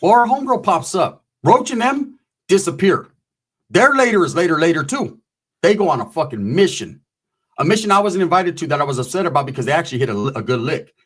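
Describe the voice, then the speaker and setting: A man spins a crude street story in a loose, rambling style, swearing freely and leaning on slang. His voice sits a bit higher than most men's. He drops into acted-out voices for the people in the tale. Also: expressive, a little fast, husky. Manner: profane, rambling, slangy, acts out quoted voices. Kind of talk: casual crude anecdote telling.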